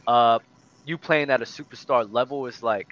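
Male podcast host, middle pitch, bright and punchy tone, casual and animated, slightly muffled lo-fi mic. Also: normal speed. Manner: animated, says "bro" a lot, restarts. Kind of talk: casual basketball debate chat.

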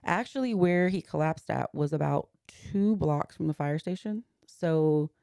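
Gravelly-voiced woman telling a personal story. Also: deep voice, unhurried, dark tone, no echo, studio quality. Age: 40s. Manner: earnest, recounting events step by step and voicing others' words. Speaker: podcast guest.

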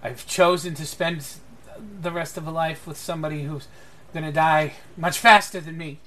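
A man doing a sad, halting male elf. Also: fairly high pitch, fairly even intonation, a bit bright, natural voice. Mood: sorrowful. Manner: halting, sighing, hesitant.

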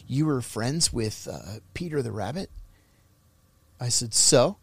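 Animated middle-aged male storyteller. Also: medium pitch, a little slow, husky, no room sound. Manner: animated, acts out quoted voices. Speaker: podcast guest. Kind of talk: casual storytelling.

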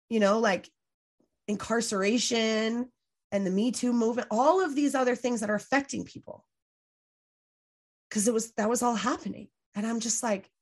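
A woman speaking as a podcast guest in a candid interview, earnest and emphatic, full of "like" fillers and quick restarts, sometimes swearing. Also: fairly high pitch. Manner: frequent "like" fillers, self-restarts.

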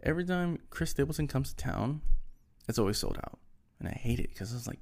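A young man chats casually by himself, rambling, frequently losing track of names mid-thought and padding the gaps with lots of ums and likes. His medium-pitched voice is gravelly yet a little mellow, with lively intonation and a slightly fast pace.

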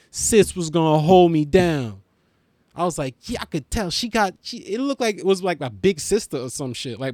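Animated profane man telling stories. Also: a little high, no echo, studio quality. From Haiti. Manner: profane, animated, acts out other people's voices. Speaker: podcast host, comedian. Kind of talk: casual storytelling rant.

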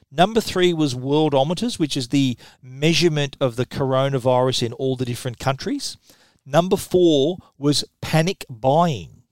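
A middle-aged Australian man presenting tech news in a quick, chatty, casual way, often restarting his phrases. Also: a little high, dry recording.

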